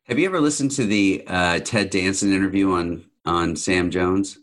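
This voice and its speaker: A man's voice: low-pitched, normal speed, fairly bright tone. A man hosting a casual interview, chatting enthusiastically with his guest. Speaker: interview host.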